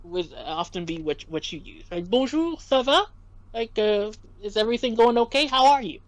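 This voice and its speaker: A woman tutoring French in a casual stream lesson, animated and quick to laugh as she explains. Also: medium pitch, no echo, poor audio.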